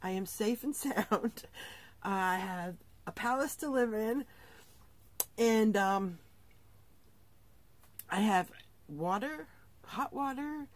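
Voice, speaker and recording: A woman's voice: mid-range voice, takes it slowly, long pauses. Middle-aged lady vlogging from her rv, tired, giggly, tells it like a story and does the voices of people she talked to. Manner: animated, laughing often, acting out quoted voices. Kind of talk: casual storytelling vlog. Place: inside her RV.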